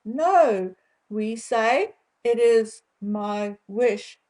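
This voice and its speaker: A South African woman speaks to her viewers in a measured, wry monologue with a sharp edge of indignation. Her voice sits a little high, and she takes her time over each phrase. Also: expressive. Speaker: royal-commentary vlogger.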